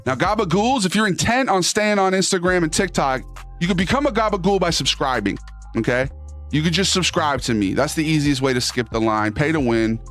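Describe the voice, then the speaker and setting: A man chatting loosely on his live stream, reading the chat and jumping into quick silly voices. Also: on the high side, lively intonation, fairly bright tone, faint music behind.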